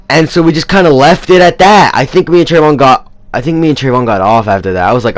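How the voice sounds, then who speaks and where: A man's voice: mid-range voice, quick pace, few pauses. A young man telling a personal story in a casual, rambling way, with lots of fillers. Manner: rambling, animated retelling with many fillers. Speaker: vlogger.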